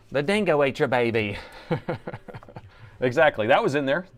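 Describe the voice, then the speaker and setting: A middle-aged man talks loosely through a laptop repair on a live stream. He jokes with viewers and reads their chat aloud as he works, in a relaxed, chatty way. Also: fairly high pitch, a little slow. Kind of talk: casual live-stream chat while working.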